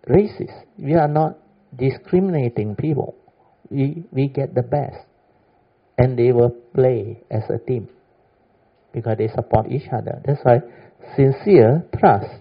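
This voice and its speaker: A man leads an informal Buddhist talk in a slightly husky voice of ordinary pitch. He speaks in emphatic, chatty bursts and keeps checking that his listeners follow. The recording sounds dull and lo-fi. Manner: keeps asking "understand or not?", emphatic and chatty. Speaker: Buddhist Dhamma teacher. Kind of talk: informal Dhamma talk with questions.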